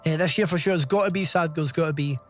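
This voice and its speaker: Guy streaming, rambly and laughy, bit high voice, quiet game music behind. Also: fast talker. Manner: rambling, chatty, laughs often. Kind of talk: casual live-stream chat.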